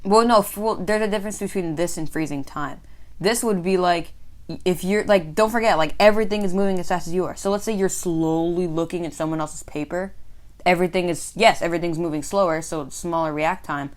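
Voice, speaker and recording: A woman co-hosting a casual podcast chat, rambling excitedly with lots of filler words and restarts. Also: on the low side, fairly quick. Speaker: podcast co-host.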